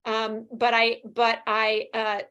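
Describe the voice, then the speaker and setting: A woman in her fifties talks fast and with lively energy as an interview guest. Her voice sits a little high, and she laughs easily between thoughts. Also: smooth, highs cut off. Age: 50s. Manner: fast-talking, animated, laughs often. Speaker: guest sharing her experience. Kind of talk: casual interview testimonial.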